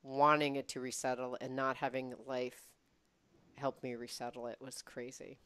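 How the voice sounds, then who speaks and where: A woman co-hosting a casual podcast chat, telling a story in an animated way, with frequent restarts and laughter. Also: rumbling low, normal speed, clear, resonant tone, dry recording. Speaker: podcast co-host.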